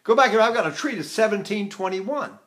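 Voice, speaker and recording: Older man, voice teacher, high-pitched, bright tone, animated, demonstrating sounds. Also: a little fast. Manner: animated, demonstrates vocal sounds and chuckles often. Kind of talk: vocal technique lesson.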